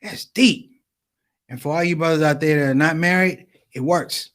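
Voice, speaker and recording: A middle-aged man telling a comic story to an audience, with punchy, animated delivery and repeated words for effect. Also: on the high side, brisk. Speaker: speaker.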